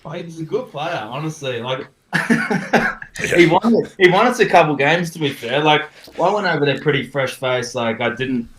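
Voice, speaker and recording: A man's voice: fairly high pitch, lively intonation, moderate pace, background noise. Man on a roomy remote line. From Australia. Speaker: guest, former rugby player. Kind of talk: casual chat.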